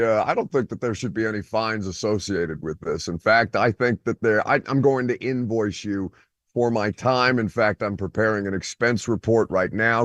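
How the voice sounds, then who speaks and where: Wry sports radio host on a video call. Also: male voice, on the low side, no echo. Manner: wry, teasing, mock-indignant. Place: outdoors by a beach. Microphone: video call from vacation.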